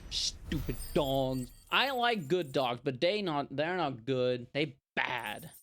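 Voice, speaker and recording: A young man streaming a video game, excitably yelling at enemies and chatting between fights. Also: medium pitch, slow pace. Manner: excitable, yells playfully at enemies. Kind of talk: live gameplay commentary.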